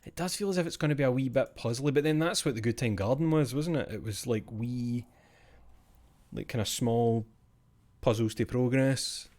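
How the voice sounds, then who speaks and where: A man's voice: mid-range voice, steady tone, normal speed, a little mellow. A male streamer chatting casually after a live show, rambling, sweary and self-mocking.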